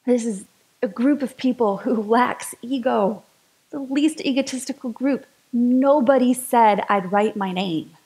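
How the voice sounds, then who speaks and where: A woman speaks to her spiritual community in a chatty, enthusiastic sermon-style talk. Her voice sits a little high, with a gravelly texture. She takes her time with each phrase. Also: measured pace, a little mellow, low-quality recording.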